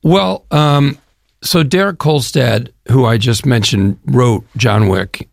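A man's voice: mid-range voice, slow, gravelly, no echo, clean studio sound. An older man from the Chicago area, an actor talking eagerly and at length in an interview. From Chicago area, US Midwest. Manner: enthusiastic, rambling storyteller. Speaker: actor guest. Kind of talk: promotional interview.

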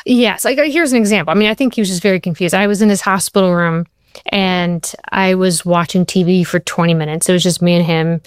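Low-voiced, smooth woman telling stories. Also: a little fast, dry recording, studio quality. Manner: animated storyteller, says "like" a lot. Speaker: TV writer and show creator, guest. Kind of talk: conversational interview.

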